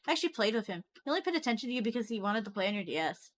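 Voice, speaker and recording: A woman's voice: a little high, sing-song, very fast. A woman reading as a mocking teenage brother. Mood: teasing. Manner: mocking sing-song. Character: teasing teenage twin brother.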